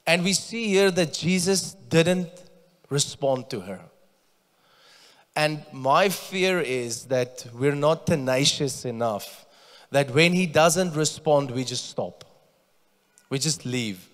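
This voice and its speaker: A man's voice: on the high side, animated, slow, a bit bright. A man preaching a sermon as pastor, conversational and often repeating words as he starts a sentence. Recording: long church reverb.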